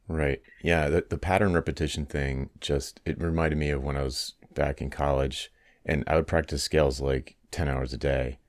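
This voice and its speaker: A man hosts a business interview in a loose, chatty way, full of "like" and "uh". His voice is extremely low. The sound is dry and close to the mic. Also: fairly even intonation, normal speed, no room sound. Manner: casual, many fillers like "like" and "uh". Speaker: podcast host. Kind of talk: conversational interview.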